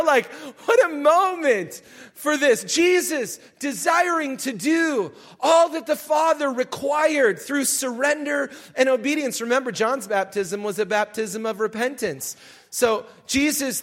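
A male pastor preaching a sermon in an animated way, shouting for emphasis. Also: extremely high pitch, measured pace.

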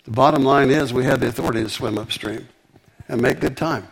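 A man preaching a sermon with emphatic, animated delivery and frequent repetitions. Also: mid-range voice, a little fast, creaky, slightly rough.

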